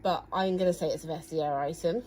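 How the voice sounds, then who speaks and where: A woman's voice: low-pitched, steady tone, a little fast, mellow, slight background noise, rough recording. A woman chatting casually in a haul video, enthusiastic as she shows her finds indoors at home. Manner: chatty, enthusiastic, showing items. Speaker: reseller vlogger, co-host.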